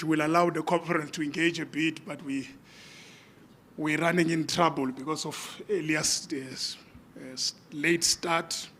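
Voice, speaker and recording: A man chairs a conference panel in a slightly raised, ordinary voice. He is earnest and a little hesitant, pausing on filler words as he addresses the room and hands over the floor. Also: fairly high pitch, a bit bright. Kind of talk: conference moderation.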